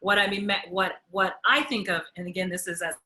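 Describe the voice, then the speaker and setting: Bright-voiced woman on a discussion panel. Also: fairly low pitch, fairly even intonation, brisk, rough recording. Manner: thinks aloud, acts out quoted voices. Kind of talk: roundtable discussion.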